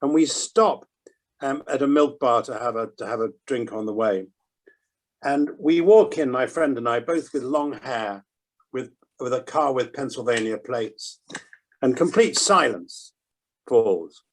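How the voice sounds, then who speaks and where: A man's voice: medium pitch, a little slow. A man in his seventies telling an anecdote as a panel guest, hesitant, with many ums and repeated words. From Britain. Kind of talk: conversational anecdote.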